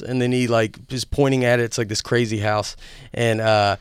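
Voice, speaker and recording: A man's voice: mid-range voice, fairly even intonation, clear, resonant tone, dry recording. Casual chat: man, rambling storyteller, dry close sound. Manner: rambling storyteller, halting restarts. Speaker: podcast host, comedian.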